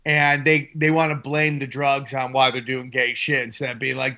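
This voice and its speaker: Comic co-host, bright and forceful, crude, hedges with "uh" and "you know". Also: male voice, mid-range voice, completely flat delivery, moderate pace. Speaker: comedian podcast host. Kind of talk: casual chat.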